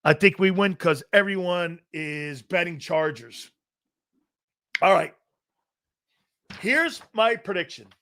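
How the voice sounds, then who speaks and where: A high-pitched male sports talk host with a bright, edgy voice fires off blunt, profane opinions on a live show. He mocks players and coaches in a brash, cutting way. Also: animated, slow, pauses often.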